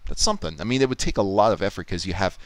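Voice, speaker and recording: A man with a deep, smooth voice chats through his editing work as he goes. He explains ideas like a loose lesson, thinking aloud and restarting sentences. The sound is dry and close, with little room behind it. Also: animated, racing, no echo. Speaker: YouTube Poop editor streaming. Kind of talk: casual live-stream commentary, teaching.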